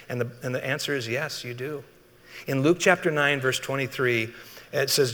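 A male pastor preaches in a conversational manner, asking his congregation questions. His voice is medium-pitched, animated, pushed and bright, and a little fast. Each phrase trails off into a long hall reverb.

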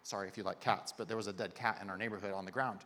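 A man in his thirties preaching a sermon in a conversational, joking way with lively emphasis. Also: fairly low pitch, racing. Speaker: pastor. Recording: echoey hall reverb.

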